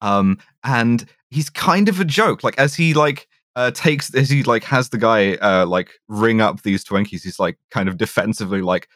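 A man's voice: on the low side, normal speed, few pauses, a bit bright, dry recording, studio quality. A man in a casual podcast chat, recapping a film's plot and acting out its quotes. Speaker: podcast co-host. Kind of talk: casual film discussion.

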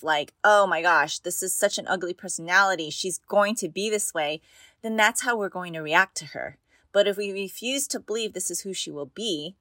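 An earnest woman with a somewhat low voice gives mothers advice in a casual talk. She encourages her listeners and keeps checking in with a "right?" She repeats her main points for emphasis, and the sound is dry with no room echo. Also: bright, forceful tone. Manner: repeats key phrases for emphasis. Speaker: parenting podcast host for mothers.

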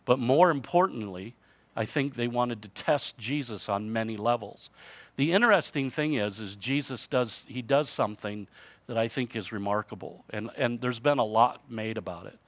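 A man's voice: mid-range voice, no room sound. Impassioned male preacher, dry sound. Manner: impassioned, rising to emphatic peaks then dropping to hushed lines; repeats for emphasis, asks the listeners questions. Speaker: pastor. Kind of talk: sermon.

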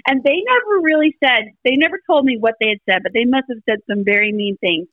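Middle-aged woman, podcast guest, storytelling chat, higher voice, muffled lo-fi audio. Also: fast, no echo. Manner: animated storyteller acting out family dialogue.

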